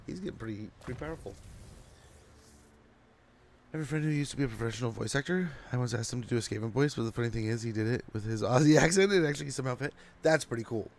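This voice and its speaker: A man's voice: medium pitch, fast, darkish tone, slight background noise. A young man giving casual, rambling, self-deprecating commentary while playing a strategy game. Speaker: gaming streamer.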